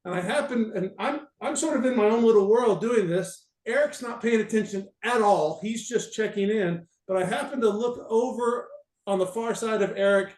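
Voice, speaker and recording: Brief: high-voiced man, amused storyteller, stop-start delivery, echoey room. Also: a little mellow. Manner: halting, many restarts, amused. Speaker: storyteller on a panel. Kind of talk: casual anecdote told to an audience.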